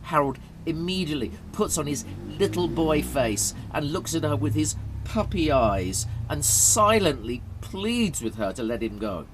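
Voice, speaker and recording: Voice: medium pitch, very animated, a little slow, few pauses, a little hiss or hum. A narrator reading a graded story aloud for English learners, telling it dramatically.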